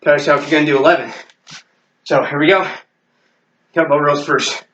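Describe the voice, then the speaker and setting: A man's voice: on the high side, steady tone, a little fast, fairly bright tone, muffled recording. A man teaching a martial arts workout while doing it himself, counting reps aloud, making punching sounds and catching his breath. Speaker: martial arts fitness instructor. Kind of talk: workout instruction while exercising.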